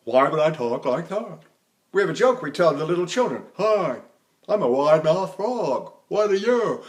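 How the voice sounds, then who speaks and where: Older man teaching voice, high speaking pitch. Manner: rambling, conversational, breaks into operatic singing. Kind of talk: recorded vocal lecture with sung demonstrations.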